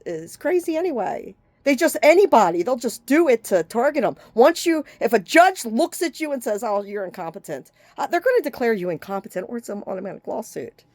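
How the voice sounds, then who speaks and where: A woman's voice: on the high side, big pitch swings, moderate pace, darkish tone, dry recording. Agitated woman ranting in fragments. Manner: agitated, profane, jumps between topics; speaks in fragments with frequent restarts. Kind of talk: rambling direct-to-camera rant.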